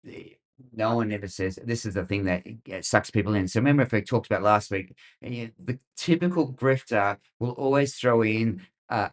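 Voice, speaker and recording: A middle-aged Australian man hosting a weather show, rambling and sarcastic with lots of fillers. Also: lowish voice. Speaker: weather podcast host. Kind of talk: casual commentary.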